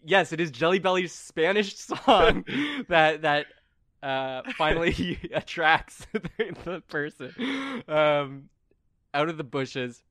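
A man's voice: a little high, lively intonation, takes it slowly, a bit bright, dry recording, studio quality. Giggly young man running a game. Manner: giggly, playful, laughs often. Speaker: game master. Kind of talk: narrating a tabletop game.

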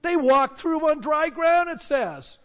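A man preaching a sermon as pastor, animated and acting out the voices of panicked crowds. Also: extremely high pitch, unhurried. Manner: animated, acts out shouting crowds. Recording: dull sound with long hall reverb.

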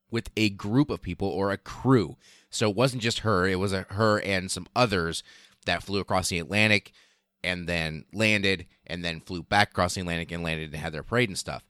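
A man hosting a podcast, telling history casually, swearing for emphasis and speeding up and slowing down. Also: deep voice, a bit bright, clean tone, no echo, clean studio sound. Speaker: podcast host.

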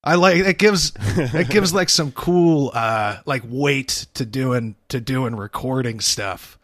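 A man's voice: medium pitch, slow pace, a bit bright, no echo, clean studio sound. A congested man co-hosting a podcast from his apartment, joking crudely in casual chat. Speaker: podcast co-host.

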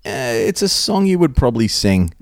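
A man's voice: mid-range voice, big pitch swings, normal speed, gravelly, no room sound, clean studio sound. A man co-hosting a podcast, joking, swearing and laughing as he tells stories in casual banter. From Australia. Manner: swearing, laughing, jokey storyteller. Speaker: podcast co-host.

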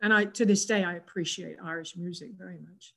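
With a gravelly, somewhat low voice, an English woman in her seventies tells personal stories as an interview guest. Her manner is reflective and soft, marked by many pauses and restarts.

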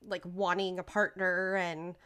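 A woman co-hosting a podcast, talking in a relaxed, chatty way about a TV show and often laughing along. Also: on the low side, a little slow, clean tone. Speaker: podcast co-host. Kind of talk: casual TV recap chat.

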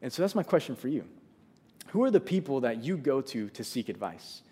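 A man's voice: medium pitch, sing-song, fairly quick, mellow, slightly rough. A man preaching a sermon, earnest and conversational, often restarting his sentences. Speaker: pastor.

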